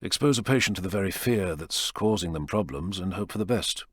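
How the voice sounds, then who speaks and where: A man as a calm, enigmatic doctor. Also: sits low, a little fast, slightly rough, dry recording, clean studio sound, full character voice. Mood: clinical. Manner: calm, clinical, understated.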